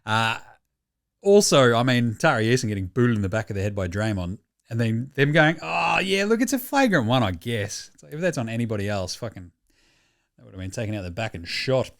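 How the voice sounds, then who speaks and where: Animated, profane Australian man. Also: fairly low pitch, a little fast. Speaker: podcast host. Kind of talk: casual sports chat.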